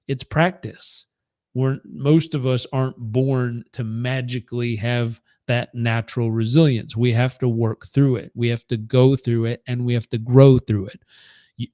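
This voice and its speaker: A middle-aged performance coach leads a live training session in a mellow, steady, medium-pitched voice at a moderate pace, recorded at studio quality with no room sound. Earnest and emphatic, he repeats his points in lists and tells stories from his own life, acting out quoted dialogue.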